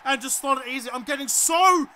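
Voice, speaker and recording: A man's voice: extremely high pitch, fairly quick, sharp tone. An Australian man commentating his own football video game, ranting and swearing at his players with bursts of sarcastic politeness. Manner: exasperated, swearing rants at the game. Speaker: gaming YouTuber. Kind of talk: let's play commentary.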